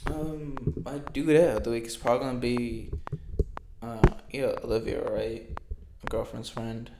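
Gravelly young man rambling, echoey room. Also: mid-range voice, level tone, measured pace. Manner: rambling, filler-heavy talker. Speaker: podcast co-host. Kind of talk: casual chat. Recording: echoey room with background noise.

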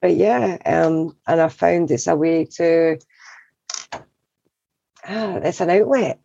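A woman's voice: on the low side, takes it slowly, vocal fry, warm tone, highs cut off, a little hiss or hum. A woman from Scotland with a Scottish accent, a guest in casual podcast chat who laughs often.

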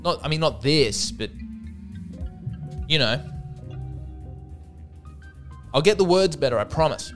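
A man's voice: on the high side, animated, moderate pace, fairly bright tone, faint music behind. A man with an Australian accent, hosting a solo comedy podcast in a wry, self-deprecating, rambling monologue.

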